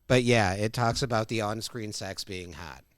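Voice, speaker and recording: A man's voice: fairly low pitch, normal speed, dry recording. A man co-hosting a podcast, recapping an episode's plot and quoting its lines. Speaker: podcast co-host.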